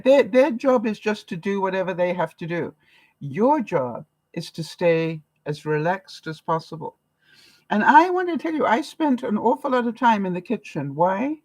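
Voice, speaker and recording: A woman's voice: medium pitch, no echo, rough recording. An older woman from Canada chatting to her viewers in a casual vlog, telling stories with frequent laughs. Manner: chatty, anecdotal, laughs often, lively swings in loudness. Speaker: vlogger. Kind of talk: casual talk to camera.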